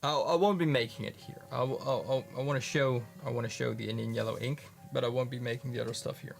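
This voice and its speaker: A man casually commenting in his studio as he looks at his handmade pigments, halting and restarting often. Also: mid-range voice, fairly even intonation, gravelly, soft background music. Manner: rambling, halting, many restarts. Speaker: pigment maker filming his studio work. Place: home studio.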